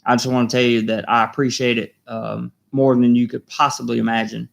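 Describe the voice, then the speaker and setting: Gravelly man hosting a live chat. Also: medium pitch, flat delivery. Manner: emotional, halting, repeats himself. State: choked up. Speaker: live stream host. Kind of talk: live stream chat, reading comments.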